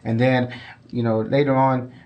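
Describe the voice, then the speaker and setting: This podcast co-host, heard in lo-fi sound, has a medium-pitched voice and a measured pace. His casual chat wanders and circles back through frequent repeats, livening up when he quotes others.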